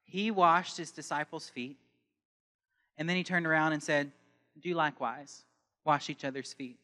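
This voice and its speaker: High, bright-voiced preaching man. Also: normal speed, long reverb tail. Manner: builds from calm teaching to loud impassioned preaching. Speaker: pastor. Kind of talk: sermon.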